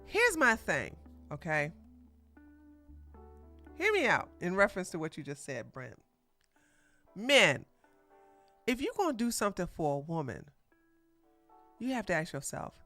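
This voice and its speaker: A woman hosts a livestream podcast in loose, casual commentary, her bright voice swinging widely in pitch. She takes her time, laughs easily and gives blunt opinions, pausing to thank viewers for donations. Faint music plays underneath. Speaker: podcast host.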